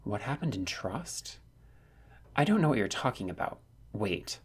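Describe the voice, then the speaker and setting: A man voicing a confused, eager young male soldier who fires off questions, with a husky voice. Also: lowish voice, big pitch swings, full character voice. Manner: bewildered, rapid-fire questioning.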